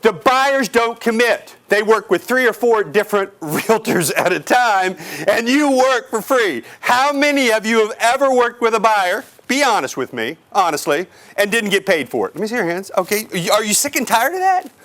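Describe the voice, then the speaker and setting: A man giving an energetic real estate sales training seminar to a live audience, asking the crowd questions and acting out clients. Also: high-pitched, moderate pace. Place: office or meeting room with an audience.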